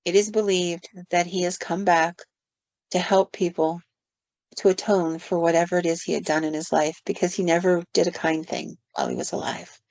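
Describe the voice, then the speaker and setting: A woman's voice: on the low side, flat delivery, normal speed, darkish tone, no room sound. Woman co-host spinning ghost tales in a loose, chatty way; muffled dry recording. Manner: casual retelling with fillers and quoted asides. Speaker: podcast co-host telling ghost stories. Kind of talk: storytelling on a podcast. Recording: dull lo-fi dry sound.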